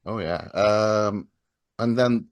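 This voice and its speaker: A man with a very low voice co-hosts a podcast in loose, rambling chat. He swears freely and trips over fillers and restarts. His voice sounds dry and close. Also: slow, no echo. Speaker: podcast co-host. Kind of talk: casual chat.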